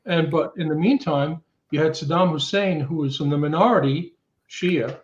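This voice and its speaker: A male professor as a guest on a podcast, calmly explaining cause and effect. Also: fairly high pitch, normal speed. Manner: analytical, laying out causes step by step. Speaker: guest, intelligence studies professor. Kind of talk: casual chat, explaining. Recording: roomy, dull remote audio.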